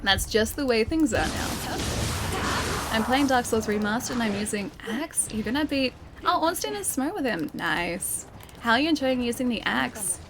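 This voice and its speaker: A woman's voice: on the high side, lively intonation, normal speed, noisy background. Chatty Australian woman streaming a game. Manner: chatty, reads out and thanks chat, many fillers. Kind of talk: casual live-stream chat while gaming. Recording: game music playing behind.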